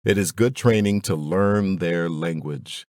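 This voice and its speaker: Guy reading his advice book to his son, real low voice, dry close sound, slow and instructive. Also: darkish tone, dry recording. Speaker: narrator.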